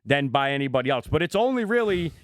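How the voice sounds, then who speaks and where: A man's voice: on the high side, very animated, quick pace, no room sound. A man co-hosting a podcast, trading casual jokes with laughing asides. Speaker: podcast co-host. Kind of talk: casual comedic banter.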